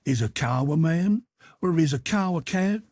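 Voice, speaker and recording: Guy reading as a stubborn folksy man, husky, arguing in thick dialect. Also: on the high side, expressive, normal speed, a little mellow, dry recording, clean studio sound, voice pushed up. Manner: dialect-heavy, insistent arguing.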